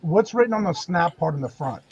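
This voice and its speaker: A man's voice: fairly high pitch, animated, fairly quick, a little mellow, highs cut off, slight background noise. A man hosting a live-stream auction, calling bids and steadily counting down.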